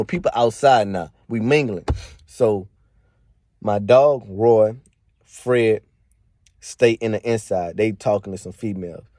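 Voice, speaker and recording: A man's voice: on the low side, mellow, no echo, clean studio sound. A man telling a rambling, slangy story from a party in a casual storytime monologue. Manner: slangy, rambling, fillers and restarts.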